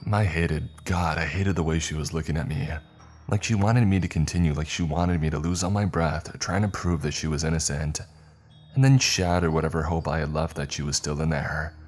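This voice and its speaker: A man reading a horror story aloud in a measured, dramatic narration. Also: rumbling low, fairly even intonation.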